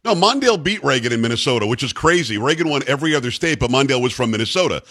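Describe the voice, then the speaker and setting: A man's voice: mid-range voice, lively intonation, racing, bright, forceful tone, breathy edge. A male radio talk show host interviewing a guest in an emphatic, rambling way.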